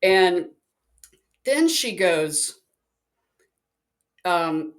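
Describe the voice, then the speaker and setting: A woman's voice: lowish voice, moderate pace. A woman, a psychic, casually telling a personal story and acting out the voices of the people in it. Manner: chatty, animated, acts out quoted voices.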